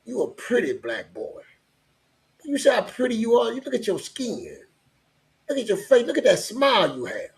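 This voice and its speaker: A man's voice: extremely high pitch, wildly swooping pitch, normal speed, voice pushed up, full character voice. A man voicing his grandmother, a stern but loving old woman talking firmly to a young boy. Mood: fond scolding. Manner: emphatic, raised voice.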